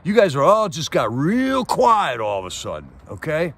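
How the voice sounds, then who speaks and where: A man hosting a livestream rants casually and passionately about politics, firing off rhetorical questions while reading and answering his chat. His voice is a little high with wildly swooping pitch, a moderate pace, and a fairly bright tone.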